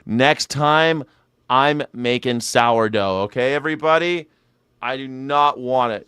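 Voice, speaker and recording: A man's voice: mid-range voice, measured pace, a bit bright, clear, resonant tone, no echo. A young man hosting a news reaction show, sarcastic and joking, swearing freely. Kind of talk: comedic news reaction commentary.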